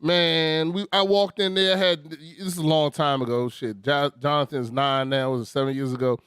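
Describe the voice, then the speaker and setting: A man tells stories in an animated, slangy way, laughing often. His voice sits slightly high for a man. The recording is dry and close. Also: moderate pace, clean tone, no echo. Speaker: podcast co-host. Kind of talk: casual storytelling chat.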